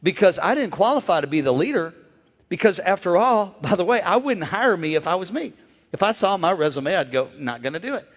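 A male pastor preaching an animated sermon, rousing his listeners to answer back and acting out voices as he goes. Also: high-pitched, fairly quick. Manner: animated, call-and-response, acts out voices. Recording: echoey hall.

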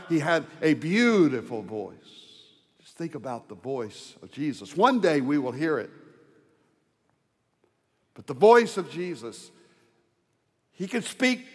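Man, pastor, sermon, fairly high voice, soft hushes to loud ringing calls, long reverb. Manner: swings from hushed tender lows to loud ringing proclamation. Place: large church sanctuary.

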